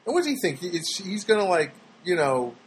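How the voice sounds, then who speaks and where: A man's voice: sits high, big pitch swings, a little fast, breathy edge, rough recording. A man telling an everyday story as a sarcastic, exasperated rant, rambling with restarts. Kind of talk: storytelling monologue.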